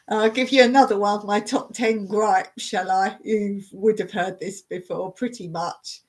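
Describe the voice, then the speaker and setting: Slow-talking woman, chatty. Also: medium pitch, steady tone. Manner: chatty, laughing, ranting about pet peeves. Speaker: vlogger hosting a live stream. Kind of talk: casual live-stream chat.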